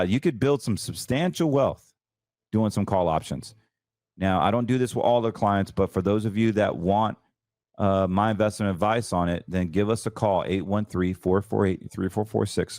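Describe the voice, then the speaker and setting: A man's voice: lowish voice, moderate pace, a little mellow, no room sound. A man hosting a financial show, talking through trades in a chatty, emphatic way, stumbling over words and correcting himself. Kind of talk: casual market commentary.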